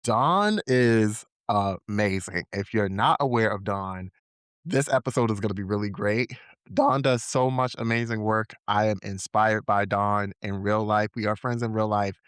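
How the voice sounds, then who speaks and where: A man's voice: lowish voice, measured pace, fairly bright tone, clean tone, no room sound, clean studio sound. A man hosting a podcast, with chatty, upbeat, slangy talk. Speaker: podcast host.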